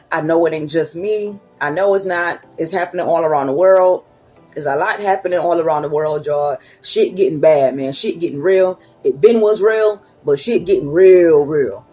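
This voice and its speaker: A woman's voice: on the low side, mellow. A woman giving a casual motivational talk on her own channel, blunt and preachy, swearing, repeating her points and laughing between them. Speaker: motivational vlogger.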